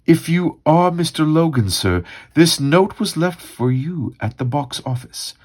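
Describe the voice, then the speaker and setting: A man's voice: fairly high pitch, expressive, unhurried, voice pushed up. A man voicing a polite male theater usher with a put-on British accent. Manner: formal, deferential.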